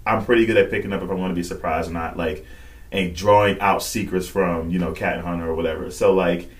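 Podcast co-host, man, low-pitched, lively storyteller who acts out quotes. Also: quick pace. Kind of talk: casual chat.

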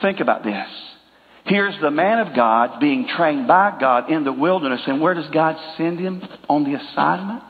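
A male pastor with a high voice preaches to his congregation, chatting with them and joking before slowing down to stress a point. The sound has the long echo of a church hall. It comes through a narrow, phone-like line. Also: lively intonation. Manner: conversational, jokes with the congregation, slows for emphasis. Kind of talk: sermon.

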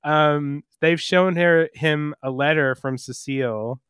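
A man with a smooth, resonant voice chats casually on a podcast, walking through a movie scene by scene. The sound is dry and close, with no room around it. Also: a little high, takes it slowly, fairly bright tone, no echo. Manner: recaps scenes, quoting lines with laughs. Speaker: podcast co-host. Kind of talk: casual movie-recap chat.

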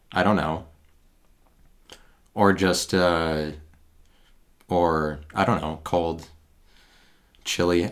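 Low-voiced man rambling into a recorder. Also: a bit bright. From American Midwest. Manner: digressive, halting, sardonic. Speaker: monologuist. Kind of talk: rambling solo monologue. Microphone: handheld voice recorder.

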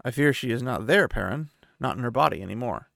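A man's voice: medium pitch, animated, quick pace, creaky, a bit bright, no echo, clean studio sound. A man doing a hard, precise sorceress. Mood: grave. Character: stern, commanding woman sorceress.

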